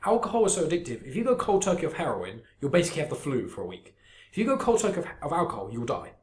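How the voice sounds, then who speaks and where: Man hosting a chat podcast, quick and rambling, in a roomy echoey space. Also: fairly high pitch. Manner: rambling, animated, quick-talking. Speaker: podcast host. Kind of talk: casual chat.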